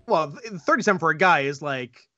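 A man's voice: on the high side, expressive, brisk, pushed and bright, muffled recording. A man co-hosting a podcast, tossing out wisecracks and quips in casual chat. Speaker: podcast co-host.

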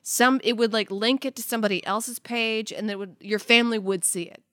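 A woman's voice: fairly high pitch, fairly even intonation, brisk, a bit bright, no room sound. A woman co-hosting a casual podcast who tells stories in a chatty way and laughs often, recorded on a close mic. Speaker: podcast co-host. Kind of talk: casual chat.

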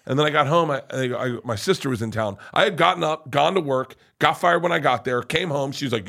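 Talking fast with few pauses, this middle-aged male comedian has a fairly high voice with vocal fry. As a podcast guest he spins a rambling, animated comic tale, cursing freely and doing the voices of its characters.

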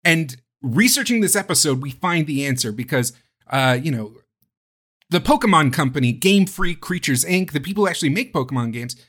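Animated, rambling male podcast host. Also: on the high side, brisk, husky. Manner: animated, rambling, swears freely. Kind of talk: casual chat.

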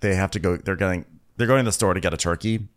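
Deep-voiced man recapping casually. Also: quick pace. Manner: chatty storyteller, quotes people in a mocking voice. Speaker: podcast co-host.

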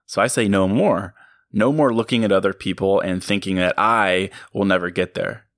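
A low-voiced man talks straight into a close mic, delivering a motivational podcast monologue. He sounds earnest and reflective and chuckles at himself from time to time. The sound is dry and close, with no room around it. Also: steady tone, normal speed, fairly bright tone, no room sound. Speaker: podcast host.

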